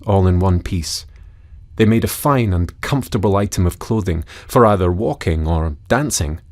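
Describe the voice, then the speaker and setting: A man's voice: fairly low pitch, a little mellow. Scottish man telling a fairy tale. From Scotland. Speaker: storyteller. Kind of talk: fairy-tale narration for children.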